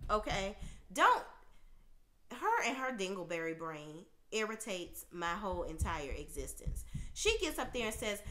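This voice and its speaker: A woman with a bright, forward voice recapping a reality show. She rants with sass and blunt opinions, talking at a mid pitch and getting fired up. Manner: sassy, outspoken, animated ranting. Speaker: TV recap commentator.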